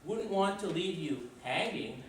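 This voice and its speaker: A man playing a joke-telling emcee in an amateur comedy play, who delivers deadpan one-liners. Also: high-pitched, a little slow. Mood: joking. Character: jokey showman host, male, grown man. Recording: distant voice in a noisy echoey hall with audience.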